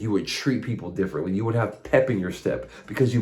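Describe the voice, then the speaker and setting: Deep-voiced man giving an earnest faith talk. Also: fast, few pauses, darkish tone. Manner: earnest and conversational, retells stories with casual asides. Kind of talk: spoken faith monologue.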